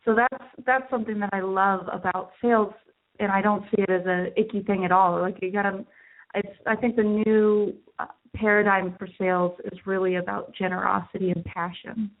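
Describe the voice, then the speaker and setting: A woman's voice: medium pitch, fairly even intonation, moderate pace. A woman business coach, a podcast guest, giving enthusiastic advice in conversation. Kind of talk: conversational interview. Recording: tinny phone-like line.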